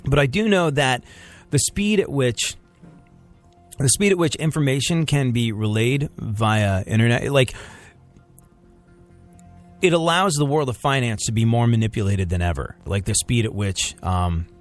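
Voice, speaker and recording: Rambling, excitable male comedy podcast host. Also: mid-range voice, measured pace, pauses often, soft background music. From United States. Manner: rambling, excitable, many restarts. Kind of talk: comedic news chat.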